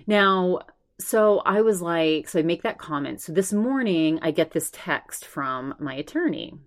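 Anxious rambling woman podcast host. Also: lowish voice. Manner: rambling, animated, with frequent restarts and laughs. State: anxious, shaken. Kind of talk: casual personal update.

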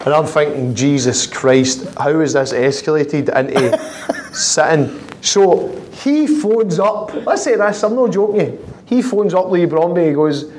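A man with a Scottish accent, a footballer guest telling prank-call stories with lively laughter and constant "I says". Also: fairly high pitch, unhurried, slight background noise. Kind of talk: anecdotal storytelling.

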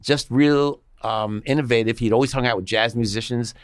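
A man's voice: mid-range voice, steady tone, moderate pace, clear, resonant tone, no room sound. Man telling studio stories. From Long Island, New York. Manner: chatty anecdotes, acts out the people he quotes. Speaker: guest, session musician and producer. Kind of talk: casual storytelling interview.

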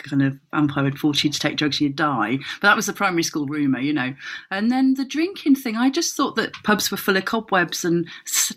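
A woman's voice: low voice, a bit bright. A woman from Cornwall, telling stories in a casual chat with a wry, self-mocking manner. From Cornwall, England. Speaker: guest.

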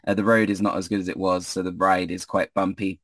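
A man's voice: deep voice, little pitch movement, quick pace, no echo. A man narrating as game master for a tabletop game, hesitant and full of fillers. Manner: hesitant, many fillers, chuckling.

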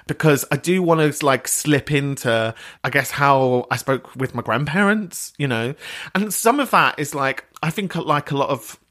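A man's voice: on the high side, fairly bright tone. A man with a London accent hosting a podcast, chatting casually, tangential and laughing often. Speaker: podcast host.

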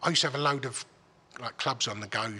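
A man's voice: mid-range voice, fast, pushed and bright, breathy edge, long reverb tail. A middle-aged man from England, telling a long story in blunt, sweary, rambling casual talk. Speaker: guest.

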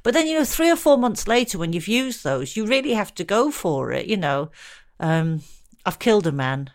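A woman's voice: medium pitch, very animated, moderate pace. A woman co-hosting a comedy podcast, dry and teasing in casual chat.

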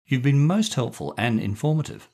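A man's voice: mid-range voice, huge pitch swings, moderate pace, vocal fry, mellow, voice pushed up, exaggerated voice. A man voicing a younger male magazine writer who speaks politely while humouring his host. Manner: politely humouring, a bit mocking.

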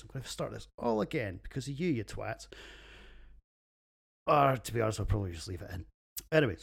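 A Scottish man with a low, gravelly voice rambles through a solo beer podcast. His talk is crude, full of swearing and jokes at his own expense, and he records from his home office. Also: a little mellow. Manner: crude, sweary, self-mocking banter. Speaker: podcast host reviewing beers. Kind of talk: casual solo podcast monologue.

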